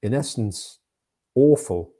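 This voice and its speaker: A man's voice: mid-range voice, expressive, takes it slowly, mellow. A man guest on a live stream, chatting casually about films in a rambling way with many restarts. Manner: rambling, restarts often, retells film scenes in put-on voices.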